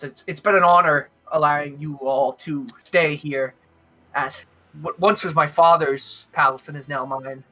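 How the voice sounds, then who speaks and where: A man doing a courteous noble lady hosting guests in her palace, a bright, slightly high voice that trips over its words with polite little stammers. she sounds earnest and welcoming, the way a game master plays a kindly host at the table. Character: gracious young noblewoman hostess. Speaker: non-player character.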